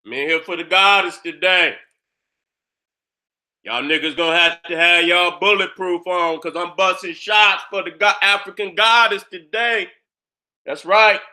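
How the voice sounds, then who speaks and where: Fired-up bright-voiced man ranting. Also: high-pitched, fairly even intonation, unhurried. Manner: boastful, combative, repeats his phrases, asks "you understand". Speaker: host of his own channel. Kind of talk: fired-up profane monologue.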